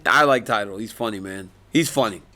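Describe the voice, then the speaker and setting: A man's voice: lowish voice, brisk. A man in his forties, an MMA fighter, answering reporters in a casual media interview, telling stories with lots of laughter. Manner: animated storytelling, laughs often.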